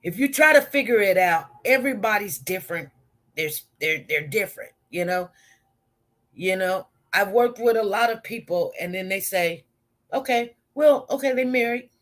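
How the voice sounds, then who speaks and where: A woman nurse chats on a live stream, circling back over the same points and checking in with her listeners. Her voice sits at an ordinary middle pitch for a woman. The delivery is loose and conversational. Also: expressive, moderate pace, fairly bright tone. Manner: rambling, repetitive, talks straight to viewers. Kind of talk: casual live-stream storytelling.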